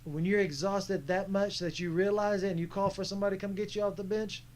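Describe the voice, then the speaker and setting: This high-voiced man talks fast while casually commenting on video of his own basketball game. His frustration shows as he critiques his teammates with animated, coach-like energy.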